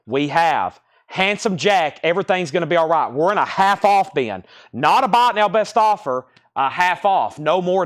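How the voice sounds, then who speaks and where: A man hosting a live record sale stream, briskly calling out titles and prices, slightly out of breath. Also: fairly high pitch, no room sound, clean studio sound. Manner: brisk auctioneer-style patter, calling out prices.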